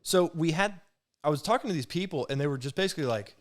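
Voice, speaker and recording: A man's voice: fairly high pitch, expressive, fast. A young man co-hosting a casual podcast, joking and rambling through stories. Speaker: podcast co-host. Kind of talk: casual chat.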